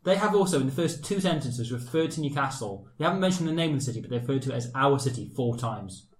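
A man's voice: medium pitch, animated, fast, roomy sound. A man co-hosting a casual comedy podcast, reading aloud with sarcastic asides and frequent laughter. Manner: wry, sarcastic, laughs often. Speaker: podcast co-host.

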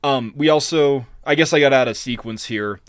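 A man's voice: mid-range voice, normal speed, clear, resonant tone, no room sound, studio quality. A man co-hosting a podcast who retells an ancient epic in a casual, jokey, irreverent way with crude humor. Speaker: podcast co-host. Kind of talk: casual chat.

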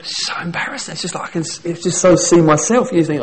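A man preaching with lively energy, slipping into small acted voices for the people in his story and laughing as he goes. His voice sits a little higher than most men's. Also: fast. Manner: animated, acts out quoted voices, laughs often. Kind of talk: sermon.

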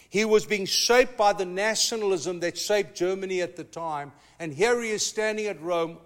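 A pastor preaching a sermon, telling a story with emphatic, slow dramatic pauses. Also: male voice, high voice.

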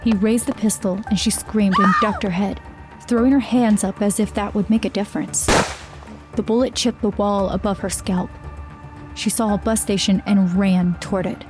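A woman reading a horror story aloud as narrator, in a steady, measured way. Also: mid-range voice, soft background music.

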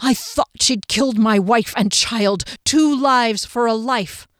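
A woman's voice: on the high side, takes it slowly, dry recording, clean studio sound. A woman voicing a desperate, intense duke. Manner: intense, urgent.

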